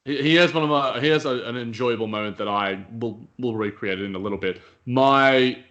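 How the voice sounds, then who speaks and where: A man co-hosting a casual podcast, animated, laughing often and swearing casually. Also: medium pitch, fairly quick, highs cut off. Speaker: podcast co-host. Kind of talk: casual chat.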